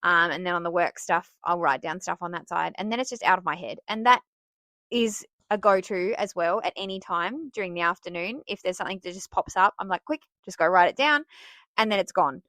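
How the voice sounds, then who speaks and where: A woman's voice: lowish voice, brisk, no echo. A woman hosting a podcast for teachers, giving casual advice in a chatty way and laughing at herself. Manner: chatty and self-laughing, with bursts of excitement.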